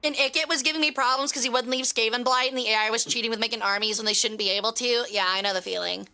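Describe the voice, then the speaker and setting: Woman streamer, high, bright voice, chatty and profane gaming commentary. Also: fairly even intonation, quick pace. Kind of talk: casual gaming livestream commentary.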